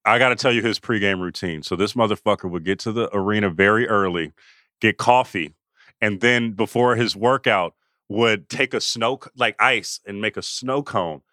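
A man's voice: on the low side, normal speed, sharp tone, no echo, clean studio sound. A man co-hosting a podcast, teasing and joking in a profane, casual way. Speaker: co-host.

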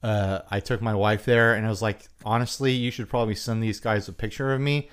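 A man's voice: fairly low pitch, fairly even intonation, a little fast, smooth. A man co-hosting a podcast in casual chat, joking and teasing his friend. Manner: joking, teasing, mock-indignant. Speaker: podcast co-host.

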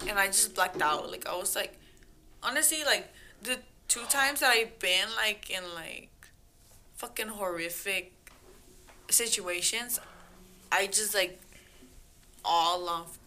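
A young woman telling a party story in a casual chat, animated, profane and quick to laugh. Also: mid-range voice, slight background noise.

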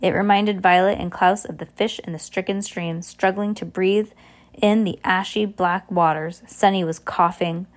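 A woman's voice: fairly low pitch, steady tone, normal speed. A woman reading a novel aloud, stumbling and restarting now and then. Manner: reads with frequent slips and restarts. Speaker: reader. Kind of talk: audiobook narration.

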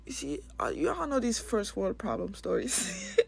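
A woman's voice: medium pitch, wildly swooping pitch, normal speed, creaky, breathy edge. A woman hosting a casual spiritual talk, speaking candidly and bluntly, swearing and laughing often. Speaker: spiritual podcast host.

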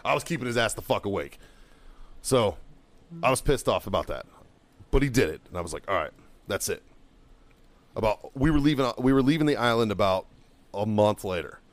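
A man's voice: on the low side, lively intonation, a little fast, no room sound. Profane middle-aged man telling war stories. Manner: heavily profane, heated storytelling; bursts into loud yelling while acting out quotes. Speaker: podcast co-host and former Marine. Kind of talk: casual chat, storytelling.

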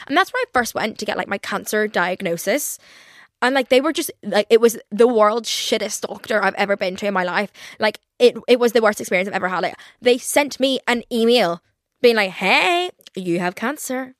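A woman's voice: medium pitch, brisk, dry recording, studio quality. A young woman chatting on her own podcast, rambling with lots of "like" fillers and frequent swearing. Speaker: podcast host. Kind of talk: casual solo podcast chat.

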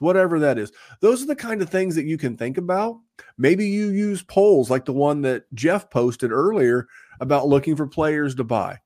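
A man hosting a fantasy football podcast, chatting casually and upbeat, rambling a little as he gives shout-outs and plugs. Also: mid-range voice, lively intonation, normal speed. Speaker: podcast host.

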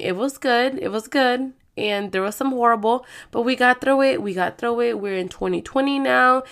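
A woman hosting her own podcast, talking casually and excitedly, with frequent swearing. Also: fairly high pitch, smooth. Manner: chatty, profane, excitable. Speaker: podcast host. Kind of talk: casual solo podcast talk.

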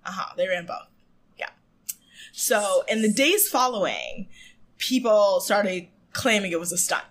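Bright-voiced woman chatting casually. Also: mid-range voice, big pitch swings, measured pace, poor audio. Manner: chatty storytelling, swears casually. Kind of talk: casual chat recapping a TV moment.

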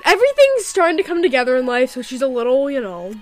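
Very high-voiced playful woman podcaster. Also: big pitch swings, fast, soft background music. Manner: playful, teasing, short quips. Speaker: podcast co-host. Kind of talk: casual chat reacting to a cartoon episode.

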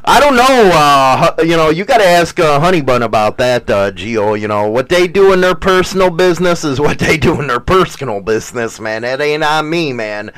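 Male podcast co-host, high and very lively, crude, boastful banter. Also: moderate pace, hardly any pauses. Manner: profane, boastful, mock-preaching. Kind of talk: casual banter.

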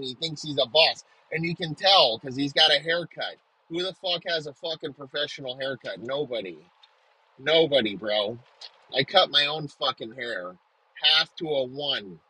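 A man's voice: on the high side, normal speed, pushed and bright, breathy edge, rough recording. A man delivering an aggressive comedic rant, swearing nonstop and hurling insults.

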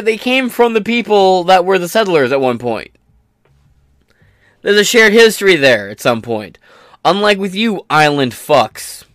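A man's voice: high-pitched, lively intonation, measured pace, fairly bright tone, no room sound, studio quality. A man hosting his own podcast, ranting in a profane, sarcastic and combative way. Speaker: podcast host.

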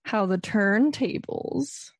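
A woman's voice: medium pitch, slow pace, dry recording, clean studio sound. A woman co-hosting a podcast, chatting casually and making wry jokes. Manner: wry, joking. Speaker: podcast co-host.

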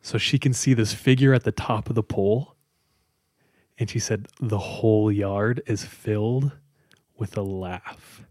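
A man's voice: on the low side, steady tone, a little slow, darkish tone, dry recording, clean studio sound. A man casually retelling a scary story to friends, chatty and loose, with lots of fillers. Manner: conversational, loose with many fillers.

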